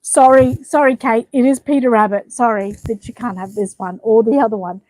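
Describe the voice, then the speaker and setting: An Australian woman chatting casually at home as she shows off outfits, rambling and often dropping to a hushed voice. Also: on the high side, fairly even intonation, fairly quick, no room sound. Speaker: vlogger showing reborn dolls. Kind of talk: casual show-and-tell chat. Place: home bedroom.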